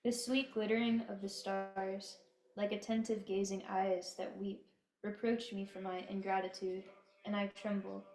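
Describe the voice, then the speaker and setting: A woman giving a slow, solemn devotional reading in a prayerful, measured manner. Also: medium pitch, little pitch movement, darkish tone. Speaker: devotional reader. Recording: echoey room.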